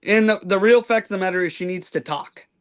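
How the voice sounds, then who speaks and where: A man's voice: high voice, brisk. A man hosting a podcast, recapping a reality show in casual chat with plenty of ums and likes. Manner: rambling play-by-play recap with many ums and likes. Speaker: podcast host.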